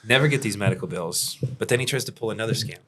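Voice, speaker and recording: A man's voice: lowish voice, quick pace, a bit bright. A male roofing contractor telling work stories in a casual podcast chat, laid-back, with frequent chuckles and fillers.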